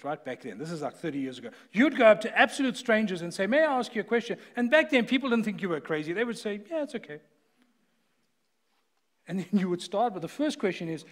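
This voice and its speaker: A middle-aged man preaching a sermon in a church, talking conversationally and telling stories with laughs. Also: high-pitched. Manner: conversational, animated storytelling with laughs. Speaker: guest preacher. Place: church sanctuary.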